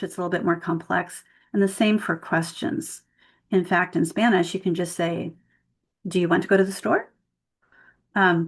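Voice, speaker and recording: A woman leading an online workshop for tutors, explaining grammar with spoken example sentences over a video call mic. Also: on the low side. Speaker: tutor trainer.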